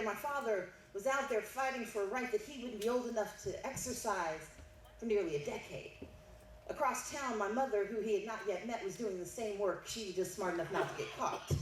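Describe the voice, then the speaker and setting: A middle-aged woman giving a keynote speech at a banquet, telling a family story and building to emphatic declarations. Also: fairly high pitch. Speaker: keynote speaker. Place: banquet hall. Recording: echoey hall, mic heard from a distance, faint noise.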